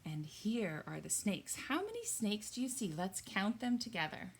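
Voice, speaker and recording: A woman reading a picture book aloud and leading young children through yoga poses, gentle and encouraging. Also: mid-range voice, sing-song, moderate pace, reverberant, recorded from a distance. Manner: gentle, encouraging, sing-song teacher's voice.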